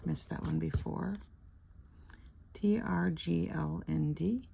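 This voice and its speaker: Gravelly low-voiced older woman chatting. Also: slow, dark tone, a little hiss or hum. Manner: chatty and rambling, laughs often, murmurs letters half under her breath. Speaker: scratch-off lottery vlogger. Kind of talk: casual chat while scratching tickets.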